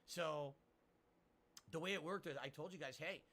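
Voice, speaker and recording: A man's voice: fairly high pitch, normal speed, fairly bright tone. A middle-aged man streaming live, chatting casually and reading out viewer tips in a rambling, emphatic way. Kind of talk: casual livestream talk.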